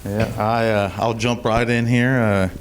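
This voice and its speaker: A man in his thirties opening a stand-up comedy set in a laid-back, deadpan way. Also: fairly low pitch, measured pace, background noise. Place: comedy club stage.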